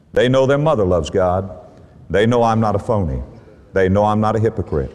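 A middle-aged man preaching a sermon with an emphatic, repetitive cadence. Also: medium pitch. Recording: hall reverb.

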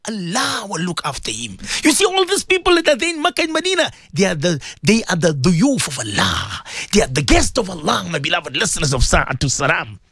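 A man's voice: sits high, huge pitch swings, brisk, hardly any pauses, pushed and bright, husky, dry recording, clean studio sound. A man hosting a devotional radio show, pleading and impassioned, often repeating his words. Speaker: radio host and cleric. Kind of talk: emotional radio devotional talk.

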